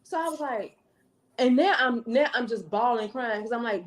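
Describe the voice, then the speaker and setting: A woman's voice: on the high side, lively intonation, moderate pace. A woman telling a personal story on a podcast, acting out the voices in the dialogue she recalls. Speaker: podcast guest. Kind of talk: storytelling, casual chat.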